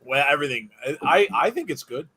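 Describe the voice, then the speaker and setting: A slightly high-voiced man hosts a live watch-along stream. He chats loosely and cracks jokes, riffing on viewer comments as they come in. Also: very animated, fast, over a noisy crowd. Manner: chatty, jokey, reads viewer comments aloud.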